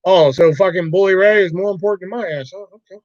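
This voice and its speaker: A man's voice: high voice, fast, no echo, highs cut off. A man hosting a casual livestream, rambling and swearing freely while reacting to chat. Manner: rambling, profane, laughs often. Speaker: livestream host.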